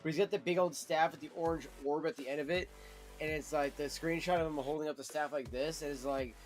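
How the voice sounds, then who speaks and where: A man telling a rambling, profane story to his live chat as a streamer, in a casual, animated way. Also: a little high, fast talker, a little hiss or hum.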